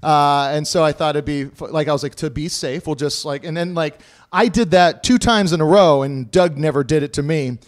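Man, comic storyteller, live stage, fairly high voice, rambling, profane, fillers, loud high-pitched quoted lines. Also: normal speed. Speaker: comedian telling a story on stage. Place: live stage before an audience.

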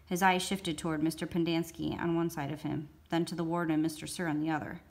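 A woman storyteller reading a novel aloud in a steady, expressive way. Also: low voice, fast talker. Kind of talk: read-aloud book narration.

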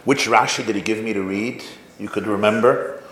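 Animated storytelling rabbi in an echoey room. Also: male voice, on the low side, normal speed. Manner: animated, storytelling, engages audience with questions. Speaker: rabbi lecturing to staff. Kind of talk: storytelling lecture. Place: lecture room with an audience. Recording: echoey room, faint room noise.

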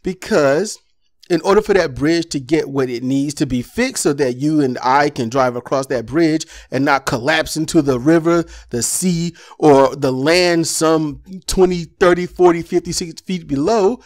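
A man's voice: fairly high pitch, normal speed. Impassioned man ranting on politics. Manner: impassioned, ranting, rhetorical questions. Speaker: commentator. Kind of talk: political commentary monologue.

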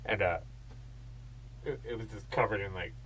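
A man's voice: lowish voice, moderate pace, a loud crowd, poor audio. A man co-hosting a podcast in casual chat, rambling through stories, swearing freely and laughing as he talks. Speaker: podcast co-host.

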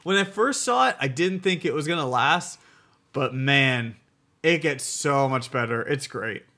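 A young man co-hosting a casual TV review chat, animated and acting out scenes with laughs. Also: mid-range voice, a little slow. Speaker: co-host of a TV review show.

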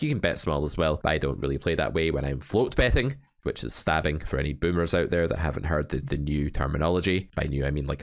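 A man from England with a deep, low voice talks through his poker hands like a coach. His delivery is wry and animated, with frequent joking asides between the strategy points. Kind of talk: hand review commentary.

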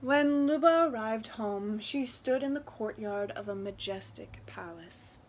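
A woman reads a children's storybook aloud at a very slow, deliberate pace. Her voice sits a bit high, and a faint hum runs underneath. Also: lively intonation. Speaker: children's book reader.

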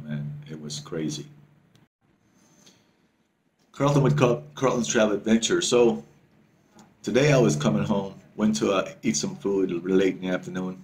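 A male travel vlogger telling a story to camera in a casual, excitable way, swearing freely and repeating himself. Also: low-pitched, a little hiss or hum.

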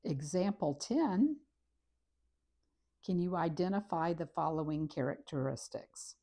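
A woman with a lowish, unhurried voice is teaching a recorded math lesson. She works on a graph and talks steadily and methodically through each step as she writes.

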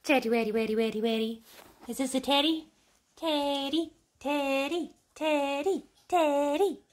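A woman's voice: high voice, slow pace, darkish tone, voice pushed up. A woman talking baby talk to a pet in a sing-song, cooing way.

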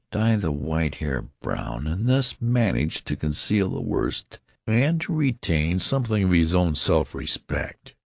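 Deep, gravelly man narrating an audiobook. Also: no echo, studio quality. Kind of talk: scripted narration.

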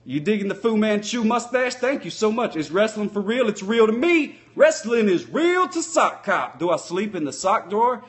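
Folksy, speeder-obsessed male sock-puppet cop, voiced by a man, pitched a bit high, rambling in a comic live-stream chat. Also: big pitch swings, moderate pace, few pauses. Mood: chatty. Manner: folksy, rambling, loose grammar.

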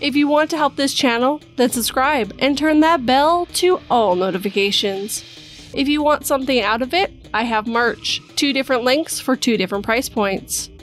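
A woman host reading a horror story aloud in a measured, dramatic storytelling style. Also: high-pitched, faint music behind. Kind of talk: scripted horror narration.

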